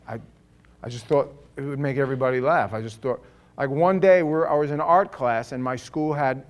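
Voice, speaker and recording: Here a middle-aged man preaches as pastor, his medium-pitched voice clear and resonant. He tells the sermon like a story, dropping to a hush and then rising loud, and voices other people's parts himself.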